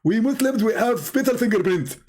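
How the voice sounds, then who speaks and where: A man putting on an exaggerated impression of a male preacher, pitched well above his own voice. He presses absurd claims with mock earnestness and insistence. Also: animated, brisk, darkish tone. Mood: mock earnest.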